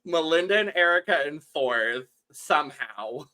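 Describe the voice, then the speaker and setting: A bright, sharp voice that climbs and dips as she recaps a reality show. She tells it as a story and acts out what she said while watching. Casual podcast chat between co-hosts. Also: mid-range voice, a little slow, rough recording. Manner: animated storytelling, acts out her own reactions. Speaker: podcast co-host.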